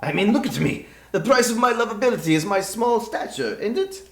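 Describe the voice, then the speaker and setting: A man's voice: sits high, expressive, fairly quick, gravelly, slight background noise, pitched above the performer's own voice, exaggerated voice. Man doing a cheeky little Irish fairy. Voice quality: loud, lilting, cheeky. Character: small cheeky male fairy, fibbing and flippant. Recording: roomy room with game music.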